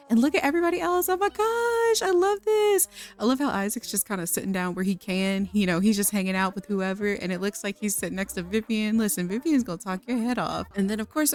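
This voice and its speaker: A woman giving casual, chatty gameplay commentary, gushing and laughing often as she walks through the scene. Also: mid-range voice. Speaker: let's play creator.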